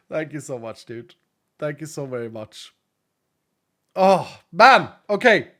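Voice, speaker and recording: A man's voice: a little high, big pitch swings, takes it slowly, fairly bright tone. A man in his late thirties, a streamer chatting casually with viewers and reading their messages, gushing and emotional and laughing often. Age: late 30s.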